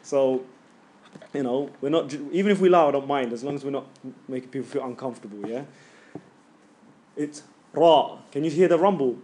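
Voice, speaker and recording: A man teaching a tajweed class, joking with students and loudly demonstrating sounds. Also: medium pitch, a little fast, long pauses. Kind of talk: classroom lesson.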